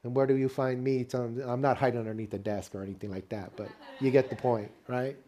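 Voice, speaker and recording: An older man preaching a sermon, telling a family story with lively call-and-response to the congregation. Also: mid-range voice, fast talker. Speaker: pastor.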